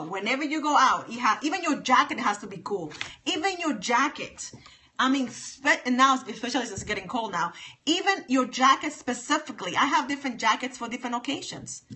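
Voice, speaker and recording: A woman's voice: on the high side, bright, forceful tone, slight background noise. A woman chatting live with viewers on her phone, emphatic and sassy, repeating her points. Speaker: livestream host. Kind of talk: casual livestream chat with viewers.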